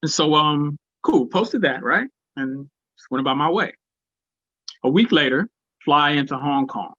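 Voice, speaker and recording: A man giving a spiritual talk, telling a personal story in an animated way and acting out the voices of people in it. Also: fairly high pitch, a little slow, no echo, lo-fi sound. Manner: animated, acts out quoted voices. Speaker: speaker at a spiritual gathering.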